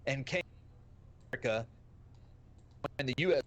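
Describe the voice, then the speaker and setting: A man's voice: medium pitch, measured pace, a bit bright. Brash, foul-mouthed Texan man ranting. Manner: brash, profane, joking rant. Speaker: streamer guest. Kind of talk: casual podcast storytelling.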